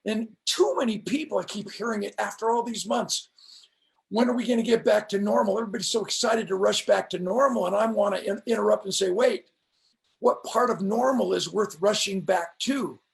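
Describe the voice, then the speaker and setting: A middle-aged man with a strikingly gravelly voice that sits high for a man. He speaks like a motivational preacher, slowing down hard on his key lines as he tells stories in an interview. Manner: emphatic, preacher-like cadence with slowed punch lines. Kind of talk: storytelling on a live stream interview.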